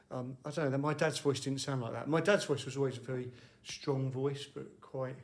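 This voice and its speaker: A man's voice: mid-range voice, fairly even intonation, normal speed. A man who is a lead minister, giving a short midweek devotional talk in a wry, conversational way with frequent fillers. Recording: echoey room.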